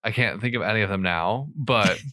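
A man's voice: fairly low pitch, brisk, pushed and bright, no echo, clean studio sound. A man co-hosting a podcast in casual chat, laid-back and rambling, peppering his talk with "like". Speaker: podcast co-host.

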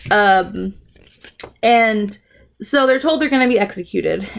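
A woman's voice: mid-range voice, slow pace, vocal fry, pauses often. Woman rambling through a casual recap. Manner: rambling, profane storytelling with frequent fillers. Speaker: podcast co-host recapping a TV episode. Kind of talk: casual chat.

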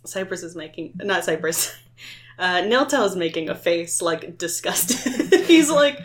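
Player, a woman who talks slowly and giggles often. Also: fairly low pitch, expressive, a little hiss or hum. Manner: giggly, easygoing. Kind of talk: casual tabletop game chat.

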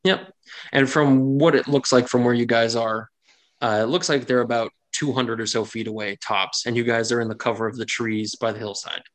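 A man narrating a tabletop role-playing game as game master, chatty and quick to laugh. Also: medium pitch, fairly even intonation. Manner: chatty, laughs often, many fillers.

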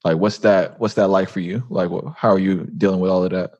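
A deep-voiced man hosts a casual podcast conversation, easygoing and chatty, with frequent "like" and "um" as he works his questions out. The sound is dull and lo-fi, like a remote call. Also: fairly even intonation, a little fast, darkish tone. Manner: laid-back, chatty, lots of "like" and "um". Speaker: podcast host.

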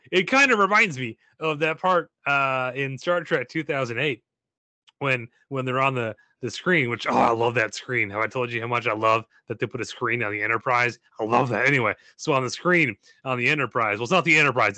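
A man's voice: medium pitch, fairly quick, pushed and bright, no room sound. A man doing a rambling sci-fi fan buddy. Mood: gushing. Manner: chatty, digressive, gushing.

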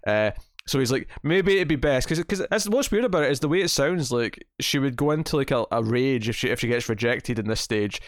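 Male podcast co-host, middle-pitched, animated and rambling, dry close sound. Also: fairly quick, hardly any pauses, dry recording. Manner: rambling, animated recapping of episode scenes. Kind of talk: casual chat.

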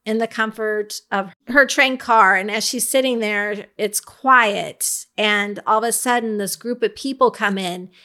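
A woman speaks unhurriedly with few pauses in a sharp, mid-range voice. She co-hosts a podcast and, in a casual book club conversation, reflectively retells scenes with quoted thoughts.

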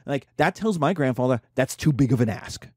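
A man's voice: mid-range voice, fairly quick, slightly rough, no echo, clean studio sound. A man giving an informal lecture, telling stories and acting out the people in them. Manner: animated storytelling, acting out characters.

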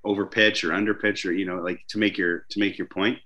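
Bright-voiced man hosting a talk show. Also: sits low, quick pace. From Canada. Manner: animated, chatty, many restarts. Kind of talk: casual conversation.

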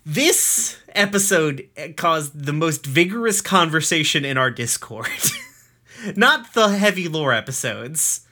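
A man with a very bright, forward voice talks through a cartoon episode on his podcast. He recaps in a loose, joking way, dropping swear words as he goes. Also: a little high, expressive, a little hiss or hum. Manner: swearing, jokey recap with quick acted quotes. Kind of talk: casual chat.

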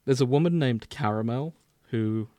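An English man hosting a fan fiction podcast, relaxed and chatty at a middling pitch. The sound is close and dry. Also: normal speed, dry recording. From England. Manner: easygoing, organizing, chuckling. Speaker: podcast host. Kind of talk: casual chat.

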